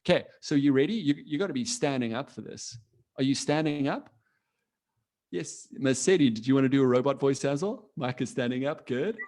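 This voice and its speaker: A friendly man leads a live online lesson for children, heard over a video call mic. His voice sits at an ordinary middle pitch. He chats loosely with little restarts, encourages the kids and laughs easily. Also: normal speed, darkish tone. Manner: casual, with fillers and restarts. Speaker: coding teacher for children.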